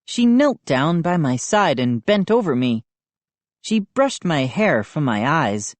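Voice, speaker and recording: A woman reading a children's audiobook aloud at a slow, steady pace, her pitch moving lively through the lines. The reading is dry and close, with no room sound. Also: no echo. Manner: expressive, unhurried reading. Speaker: audiobook reader. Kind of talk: scripted audiobook narration.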